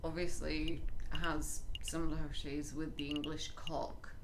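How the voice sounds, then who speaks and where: A woman's voice: low voice, flat delivery, measured pace, a little hiss or hum. A woman co-streaming a game, bantering with wry, crude jokes. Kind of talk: casual banter.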